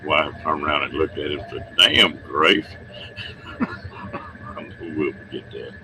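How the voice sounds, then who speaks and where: A man's voice: rumbling low, little pitch movement, moderate pace, background noise. A man hosting a livestream, chatting casually with viewers in a folksy, chuckling way. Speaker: livestream host.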